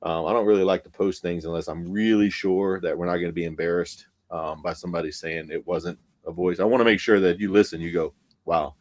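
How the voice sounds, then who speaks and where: Man, low voice, excited, profane, lots of fillers, casual podcast guest. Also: quick pace, hardly any pauses. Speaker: paranormal investigator guest.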